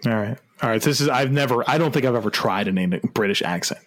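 A man's voice: medium pitch, fast talker. A man co-hosting a casual sports podcast, chatting about football with frequent laughter and hesitant restarts. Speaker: podcast co-host.

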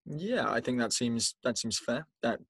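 A man from South Africa co-hosting a podcast, talking in a measured way and reading out facts carefully. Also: medium pitch, lively intonation, vocal fry, fairly bright tone, breathy edge, dry recording. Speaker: podcast co-host. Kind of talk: casual discussion.

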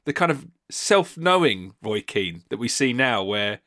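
A male podcast host asking an interviewee measured, considered questions. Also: mid-range voice, big pitch swings, sharp tone, no room sound, studio quality.

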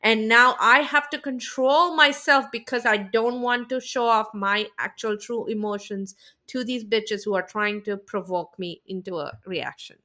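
A woman's voice: fairly high pitch, a little slow, sharp tone. A woman co-hosting a podcast, recapping a reality show in a heated, indignant casual rant. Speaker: podcast co-host.

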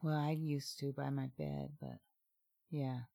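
Low gravelly-voiced woman, chatty. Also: little pitch movement, measured pace, mellow. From Southeast Alaska. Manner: chatty, laughs often, trails off. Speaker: podcast co-host. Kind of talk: casual chat.

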